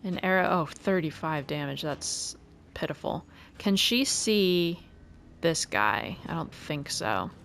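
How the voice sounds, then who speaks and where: A woman doing let's play commentary, calmly calling out each move and roll of a turn-based game. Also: lowish voice, unhurried, creaky, a little hiss or hum. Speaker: gaming video creator. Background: faint game music.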